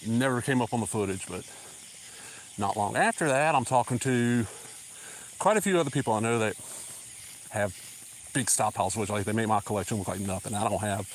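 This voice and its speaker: A man's voice: lowish voice, normal speed, long pauses, a little hiss or hum, rough recording. A man with a Southern accent, rambling casually while walking, a little out of breath. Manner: rambling, casual, drawling asides. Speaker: vlogger. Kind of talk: rambling live-stream chat while walking. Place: country road outdoors. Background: crickets and insects.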